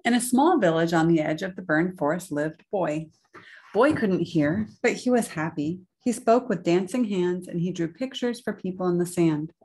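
A woman reading a picture book aloud as a church storyteller, slow and expressive, voicing the sound effects herself. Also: on the low side.

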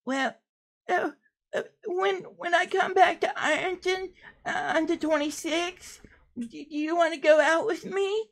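A man voicing a boastful young male streamer who whines and sobs in a high, cracking voice. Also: unhurried, creaky, fairly bright tone, heavily acted. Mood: pleading.

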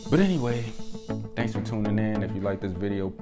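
A man's voice: lowish voice, animated, fairly quick, loud music behind the voice. A man hosting his own channel, giving a casual spoken movie review from indoors at home, opinionated and chatty with lots of "you know" and "like". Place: indoors at home with windows closed.

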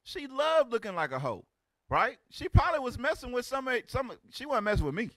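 A man in his forties delivers animated preaching commentary, his pitch leaping all over as he exclaims and banters in street talk. His voice is bright and sharp and sits fairly high, with a dry, close sound. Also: brisk, no echo. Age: 40s. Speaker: teacher of a religious group.

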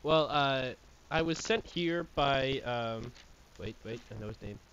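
A man's voice: mid-range voice, measured pace, a bit bright, muffled recording, slight background noise. A young man speaking as a player in a tabletop game, polite and hesitant with many fillers.

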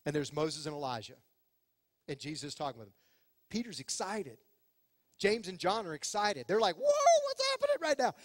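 Middle-aged male pastor, high voice, animated sermon delivery, dry close tone inside a reverberant hall. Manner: animated, acts out quoted voices. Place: church sanctuary.

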